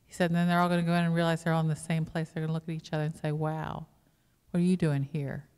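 A woman pastor delivers a sermon in a church, her fairly low voice smooth and resonant. She preaches in a chatty way, often asking the congregation questions. The sound carries a long church reverb. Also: completely flat delivery, rapid-fire, darkish tone. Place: church sanctuary.

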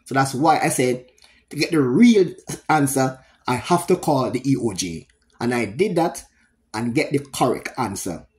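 A middle-aged Jamaican man giving solo political commentary, speaking emphatically and repeating points with frequent pauses. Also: medium pitch, animated, a little mellow. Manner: emphatic, repetitive, pausing often.

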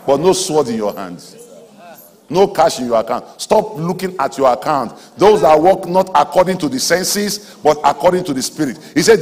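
Husky preacher man, booming in a hall. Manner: emphatic, swings between soft asides and loud exhortation. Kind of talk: sermon. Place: large auditorium. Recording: hall reverb from a large auditorium.

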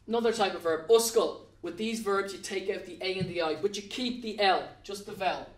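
A man's voice: high-pitched, brisk, hardly any pauses. A man with an Irish accent teaching a recorded grammar lesson to students, spelling words out letter by letter and urging them to stay with him. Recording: echoey room, mic at a distance.

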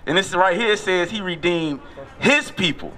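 A man preaching on a city street, questioning a passerby insistently and repeating verses slowly to stress them. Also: sits high, animated, pushed and bright.

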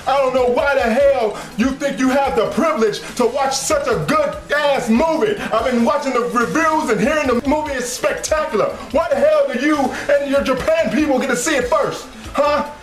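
A man doing a shouting wrestling promo guy. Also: very high voice, echoey room. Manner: shouting, drawn-out menacing delivery. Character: hot-headed wrestling promo man, blustering and threatening.

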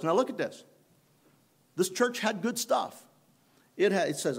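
A man preaching a sermon in church, unhurried and halting, often restarting his phrases. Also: high-pitched, expressive, gravelly, breathy edge. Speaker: pastor.

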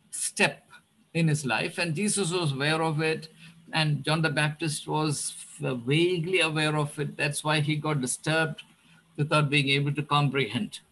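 An older man with an Indian English accent, giving a reflective spoken lecture on Christianity, often pausing with fillers and restarts. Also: on the high side, fairly bright tone, slightly rough, low-quality recording.

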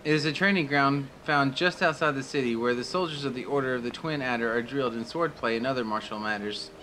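A man's voice: mid-range voice, fast, bright, forceful tone, a little hiss or hum, lightly acted, rough recording. A man reading as a courteous game quest giver. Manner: formal, explanatory.

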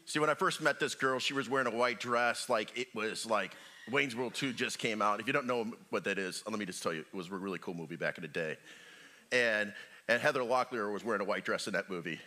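A middle-aged male pastor preaching a sermon in a church, joking with the congregation and swinging from loud calls to near whispers. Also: on the low side, brisk. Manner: animated, joking preacher with big swings in loudness. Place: church sanctuary.

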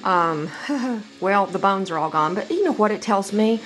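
A woman's voice: medium pitch, animated, normal speed. A middle-aged woman, a dog breeder chatting casually through a home video and talking baby talk to her dogs. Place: house, indoors.

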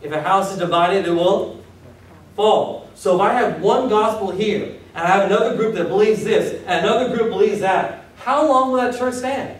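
High-voiced pastor preaching in an echoey hall. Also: male voice, normal speed. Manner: conversational preaching with acted-out asides and audience questions. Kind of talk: sermon. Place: church hall. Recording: echoey hall, distant mic.

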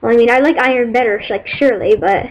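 A woman casually commenting on her own gameplay, excitable and rambling, squealing and whooping when thrilled. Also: on the high side, fast. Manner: rambling, many fillers. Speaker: gaming channel host. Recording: dull lo-fi mic with faint hiss.

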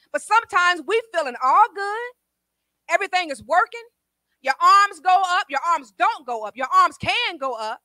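A woman a sermon, testifying with swings from quiet talk to shouted praise. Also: very high voice, very animated, moderate pace, no echo. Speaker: preacher.

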